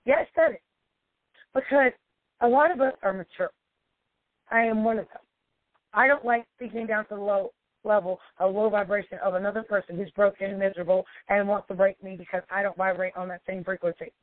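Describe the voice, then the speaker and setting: A woman's voice: medium pitch, fairly even intonation, fairly quick, no echo. A woman life coach giving an emphatic, preachy self-help monologue and repeating her points for effect. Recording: tinny phone-like dry sound.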